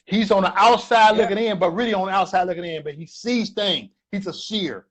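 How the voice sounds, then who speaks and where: Man, interview host, video call, eager hype-man affirmations, somewhat high-pitched. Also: fairly quick.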